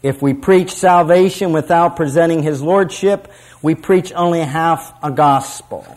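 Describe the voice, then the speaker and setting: A middle-aged man preaching a sermon with emphasis, circling back to repeat his key phrases. His voice sits a little higher than most men's. He slows on the lines he wants to land. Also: darkish tone.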